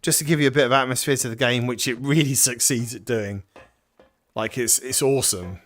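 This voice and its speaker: A man hosting a VR puzzle game playthrough, chatting excitedly to viewers as he explores. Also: mid-range voice, fairly quick, soft background music. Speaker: gaming channel host.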